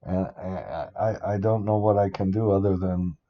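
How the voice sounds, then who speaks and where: A man's voice: low-pitched, steady tone, normal speed, muffled recording. An older man giving a rambling spreadsheet tutorial, often breaking off with exasperated asides. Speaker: instructor.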